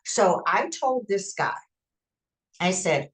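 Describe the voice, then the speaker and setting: A woman hosting a podcast, telling a personal story in an emphatic, animated way and acting out what people said. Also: on the low side, normal speed. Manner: emphatic, animated retelling with acted-out quotes. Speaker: podcast host.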